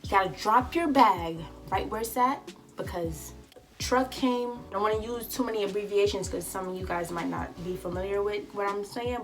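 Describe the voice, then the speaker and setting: A young woman telling an animated, chatty storytime vlog with advice for listeners. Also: mid-range voice. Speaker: vlogger. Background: faint background music.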